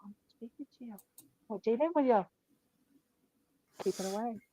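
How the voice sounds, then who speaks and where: A woman's voice: a little high, moderate pace, warm tone, no echo, rough recording. A woman telling blunt, sweary stories about her shop customers in casual chat.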